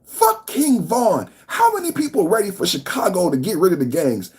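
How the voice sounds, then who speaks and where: A woman in her fifties hosting a reaction podcast, ranting fiercely with profanity and repeated phrases. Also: normal speed. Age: 50s. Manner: fiery, profane, repeats phrases, lively pitch. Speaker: podcast host.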